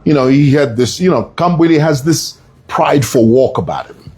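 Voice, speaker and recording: Male commentator, fairly high husky voice, emphatic storyteller with casual asides. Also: normal speed, mellow. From Zambia. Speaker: political commentator.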